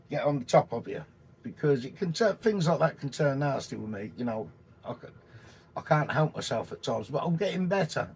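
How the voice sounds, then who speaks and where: A man in his sixties, from England, ranting in a casual vlog, blunt and full of swearing, with a husky voice. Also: mid-range voice, a little mellow, a little hiss or hum. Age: 60s. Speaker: vanlife vlogger. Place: in and around a camper van, partly outdoors.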